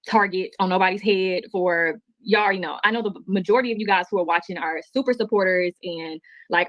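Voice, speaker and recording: A woman's voice: lowish voice, no echo. A woman, talking to her viewers in an emotional, heartfelt, rambling livestream. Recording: muffled, dry replayed stream audio.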